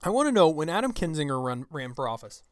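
A man's voice: on the high side, big pitch swings, fast, no echo, studio quality. Angry profane male show host. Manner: angry, profane, shouting outbursts. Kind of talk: political commentary rant. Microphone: close studio mic.

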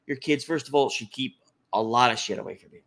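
A man's voice: medium pitch, fast talker, vocal fry, a bit bright. A man in his fifties chatting casually as a co-host, swearing often and rambling through stories. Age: 50s. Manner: profane, rambling storyteller. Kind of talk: casual chat.

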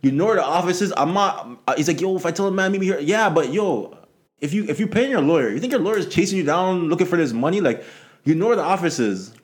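A man talking quickly in a casual chat. He tells his stories with energy and acts out the voices of the people in them. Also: high voice. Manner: animated storyteller, acts out quoted people.

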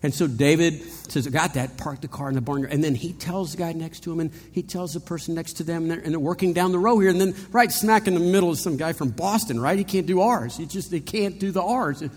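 A man's voice: fairly high pitch, fairly quick, few pauses, a little mellow, slightly rough. A man preaching a sermon in a conversational way, asking rhetorical questions and adding playful asides. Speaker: pastor. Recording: long reverb of a large hall.

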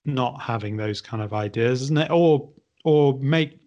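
A man's voice: mid-range voice, a little slow, a little mellow, lo-fi sound. A man from England chats as a podcast guest in an ordinary mid-range voice. He sounds upbeat but hesitant, often repeating words as he restarts his sentences. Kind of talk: casual conversation.

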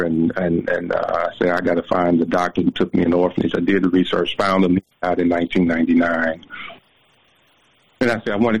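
Man in his forties, very low voice, gravelly, emotional storyteller who repeats words, muffled phone line. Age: 40s. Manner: emotional, repeats words, preacherly near the end. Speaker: guest. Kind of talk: telling a personal story on a call-in show.

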